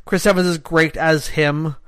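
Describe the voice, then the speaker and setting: A man's voice: on the high side, fairly even intonation, unhurried, fairly bright tone, smooth, no echo. A Canadian man co-hosting a podcast in casual, rambling chat, full of "like" and restarts. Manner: rambling, self-interrupting, frequent "like". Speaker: podcast co-host.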